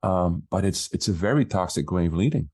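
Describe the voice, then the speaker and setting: Brief: low-pitched male business coach, relaxed podcast storyteller who voices the quoted dialogue. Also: brisk, husky.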